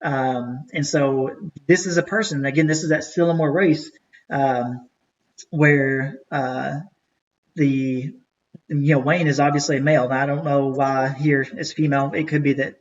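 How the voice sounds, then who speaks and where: A man's voice: medium pitch, fairly even intonation, unhurried. A man teaching race timing in a casual training webinar, talking conversationally with many fillers and restarts. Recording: distant, dull lo-fi webinar audio.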